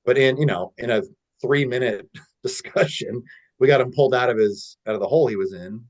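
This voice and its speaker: A man coaching on a casual call, telling stories with a relaxed manner and lots of "like" and "you know". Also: mid-range voice, brisk. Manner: relaxed storytelling with many fillers. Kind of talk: casual teaching talk.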